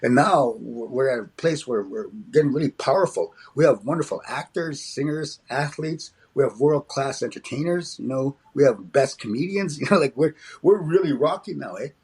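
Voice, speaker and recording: A husky-voiced older man from Alberta speaks in a reflective interview. He circles back over his words and ends many lines with "eh?". His tone is measured and middle-pitched. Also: lively intonation, a little mellow. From Alberta, Canada. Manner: frequent restarts and tag "eh?". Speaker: comedian and motivational speaker, interview guest.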